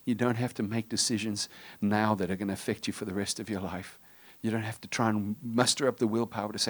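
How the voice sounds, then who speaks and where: A middle-aged man preaching a sermon as a pastor, talking conversationally with jokey asides and dropping to a hushed, intense tone. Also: fairly low pitch, fairly even intonation, fast, hardly any pauses.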